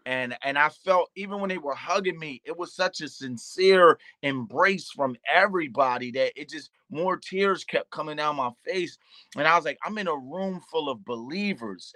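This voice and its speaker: A man's voice: fairly high pitch, moderate pace, pushed and bright, no echo. A man telling an emotional personal story in earnest, repeating words and slipping into quoted asides. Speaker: pastor and youth nonprofit founder.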